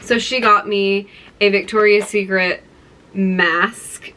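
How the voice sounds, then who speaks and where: A young woman vlogging in a casual, excited way, gushing and rambling as she shows gifts to her viewers. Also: medium pitch, takes it slowly, a little hiss or hum, poor audio. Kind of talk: casual chat to camera.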